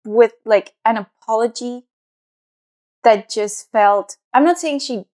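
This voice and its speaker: A woman's voice: on the high side, slow pace, a little mellow. Young woman podcast cohost, rambly, lots of likes and ums, just chatting. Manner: rambling, hesitant, many fillers. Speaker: podcast co-host. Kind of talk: casual chat.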